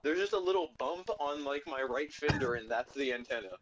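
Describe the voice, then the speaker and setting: A young man with a fairly high voice rambles through a funny story, stumbling over fillers and laughing as he goes. The recording is dull and lo-fi. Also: a little fast, a crowd in the background. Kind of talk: casual chat. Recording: dull lo-fi sound.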